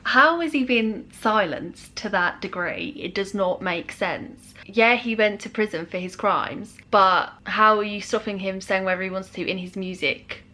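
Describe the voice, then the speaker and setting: A woman talking casually as she hosts a reaction video, chatty and quick to laugh. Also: mid-range voice, sharp tone. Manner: chatty, pauses the track to comment, laughs often.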